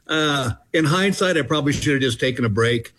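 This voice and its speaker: A man's voice: medium pitch, animated, brisk, a bit bright. Folksy older man telling stories. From Texas. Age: 60s. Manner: folksy, self-deprecating, chuckles between lines. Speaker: comedian guest. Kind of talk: casual phone interview storytelling.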